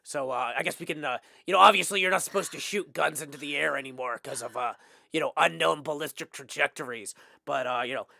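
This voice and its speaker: A man's voice: on the high side, quick pace, creaky, bright, forceful tone, dry recording, full character voice. A man putting on a drawling cowboy voice for a rambling mock victory speech, full of hesitant "uh" fillers. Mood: folksy. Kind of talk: mock acceptance speech on a livestream.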